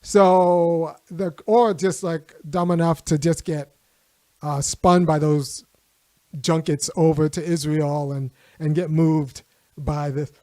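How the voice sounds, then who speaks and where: A man's voice: on the high side, fairly even intonation, slow pace, warm tone, no echo, studio quality. A man hosting a political livestream, talking loosely with restarts and short laughs. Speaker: host.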